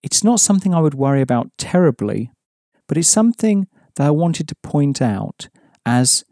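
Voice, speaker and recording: A man teaching a language lesson in measured, scripted narration, explaining rules and repeating key points. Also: fairly high pitch, big pitch swings, mellow, dry recording, clean studio sound.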